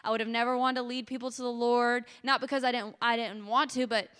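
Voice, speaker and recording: Bright high-voiced woman preaching passionately. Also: flat delivery, fast, smooth. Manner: passionate, builds to emotional peaks. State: voice cracking with emotion. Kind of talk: sermon testimony.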